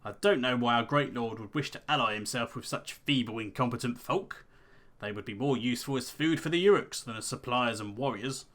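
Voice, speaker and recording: A man's voice: medium pitch, a little fast, a bit bright, lightly acted. A man voicing a cruel, scornful half-orc overseer in a fantasy game, reading in a commanding manner. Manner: commanding, contemptuous.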